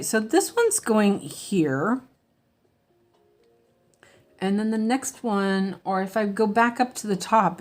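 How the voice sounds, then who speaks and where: A woman chatting casually as she stitches, answering viewers and muttering quietly to herself as she works. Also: medium pitch. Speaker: cross-stitch designer and streamer.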